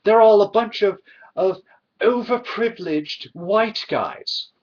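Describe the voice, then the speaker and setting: A man's voice: sits high, takes it slowly, pitched above the performer's own voice. A man putting on a mocking accent to play a sneering, dismissive critic, on a dull lo-fi recording. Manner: mocking, scornful.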